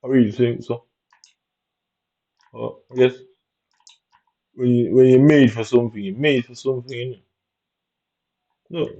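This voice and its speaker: A man mutters and rants in heavy while commentating his own gameplay. His voice is mellow and dark, and he sounds aggrieved throughout. The recording is dull and lo-fi. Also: medium pitch, fairly even intonation, unhurried, long pauses.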